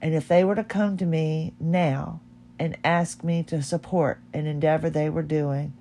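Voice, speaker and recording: A woman's voice: deep voice, steady tone, unhurried, dark tone, slight background noise. A middle-aged woman hosting her own podcast, talking in a heartfelt, rambling and candid way. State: tearful. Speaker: podcast host. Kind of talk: personal podcast monologue.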